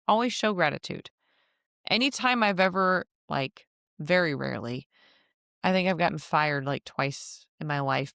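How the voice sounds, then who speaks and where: A woman's voice: lowish voice, creaky, a bit bright, dry recording, studio quality. A woman hosting a casual solo podcast, chatty and laughing often as she acts out little quotes. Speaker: podcast host.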